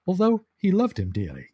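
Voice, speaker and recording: A man's voice: fairly low pitch, dark tone, breathy edge, dry recording. Man, podcast co-host, casual book talk, thoughtful, laughs often, dry sound.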